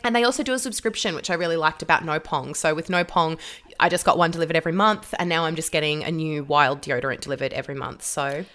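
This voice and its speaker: Low-voiced woman hosting a casual podcast. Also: quick pace, fairly bright tone. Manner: chatty, rambling, many fillers. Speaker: podcast host. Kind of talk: casual chat.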